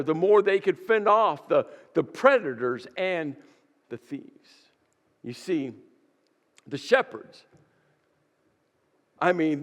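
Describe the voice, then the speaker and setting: A man's voice: sits high, in a large hall. A man preaching a sermon as pastor, emphatic and repeating key words for weight. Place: church sanctuary.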